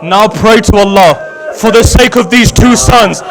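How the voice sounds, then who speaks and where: A man with a high voice delivers an emotional sermon at a religious gathering, telling a sacred story. He acts out the figures' words with drama. His voice often sinks to a near hush. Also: a little slow, rough recording. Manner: dramatic, quotes each figure in the story, often drops to a hushed voice. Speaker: Shia religious scholar giving a majlis. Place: religious center gathering hall.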